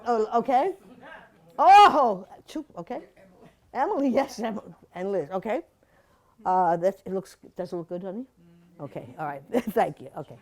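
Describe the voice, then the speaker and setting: With an expressive mid-range voice and a moderate pace, a woman in her seventies delivers a slide-show talk as a museum's guest speaker. She keeps it chatty and playful, with plenty of asides and laughs.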